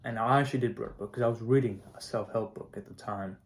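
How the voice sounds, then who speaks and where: A teenage high school student talking casually to camera, swearing often and getting fired up, with lots of filler words. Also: male voice, fast, vocal fry. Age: teens. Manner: profane, hyped, heavy "like" and "not gonna lie". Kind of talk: casual vlog monologue.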